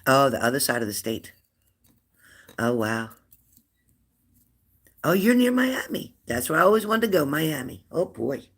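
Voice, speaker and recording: A woman in her fifties hosting a live stream, chatting warmly and laughing as she reads out viewers' comments. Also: extremely low pitch, sing-song, normal speed. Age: 50s. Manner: chatty and affectionate, laughs often, answers comments aloud. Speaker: livestream host of a spirit-messages channel.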